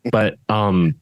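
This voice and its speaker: Low-voiced male judo coach, casual podcast co-host, even unchanging tone, rambling delivery, dry close sound. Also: no room sound. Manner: steady tone that does not rise even when louder; rambling, with many restarts and fillers.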